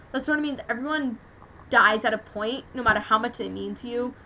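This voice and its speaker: A woman's voice: fairly high pitch, fairly quick, pushed and bright, slight background noise, poor audio. A teenage girl from the United States telling a rambling, heartfelt story in a personal vlog, full of "like"s. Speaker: vlogger.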